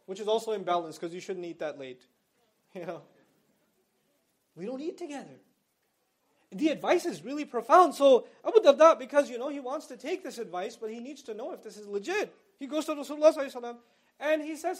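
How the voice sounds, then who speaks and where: Talking fast in a very high voice, an animated man delivers an Islamic lecture to college students. He keeps it conversational, putting terms into simple everyday words, and tells stories emphatically.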